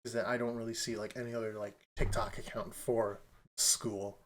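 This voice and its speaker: A man co-hosting a podcast in casual chat, an animated storyteller who acts out quotes and laughs often. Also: fairly low pitch, normal speed, slight background noise. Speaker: podcast co-host.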